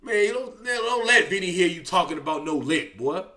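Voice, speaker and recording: This reaction-video host speaks at a moderate pace in a high voice, spinning casual, profane street tales full of slang. His delivery is lively, and he stretches out "boy" to close his lines.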